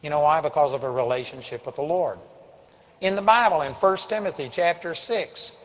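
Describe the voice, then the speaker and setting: A man's voice: a little high, normal speed, low-quality recording. A man preaching a sermon, telling stories earnestly with emphatic rising bursts. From United States.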